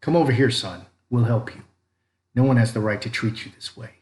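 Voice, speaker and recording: A man's voice: medium pitch, a little fast, darkish tone, natural voice. A man doing a firm, kindly neighbor. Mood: concerned. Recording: echoey room with faint background noise.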